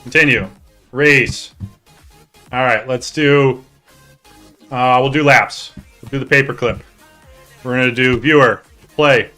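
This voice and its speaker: A man hosting a live stream, chatting casually and excitably with his viewers, joking and swearing as he goes. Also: medium pitch, slow, long pauses, faint music behind. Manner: excitable, jokey, talks to chat, swears. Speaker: streamer hosting a hockey league draft.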